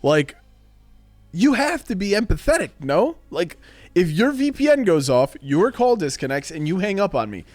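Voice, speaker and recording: A male streamer in his thirties tells his chat a long, heated story. He swears freely, his voice sits a little high and swings widely, and he acts out each person he quotes. The sound is dry and close, with soft game music behind him. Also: big pitch swings, moderate pace, no room sound. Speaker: live streamer. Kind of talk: casual rant to stream chat. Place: home streaming room.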